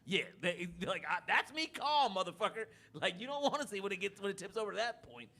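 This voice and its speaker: A man hosting a podcast, telling stories in an animated, profane way and laughing often. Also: high-pitched, fast, vocal fry. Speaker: podcast host and DJ. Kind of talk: casual podcast banter.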